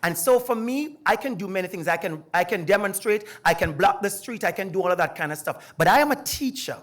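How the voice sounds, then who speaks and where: A man's voice: high voice, lively intonation, fairly quick, fairly bright tone. A middle-aged man with a Jamaican accent, a university lecturer speaking emphatically and animatedly as he shares a personal story on a panel. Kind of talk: personal testimony at a panel discussion.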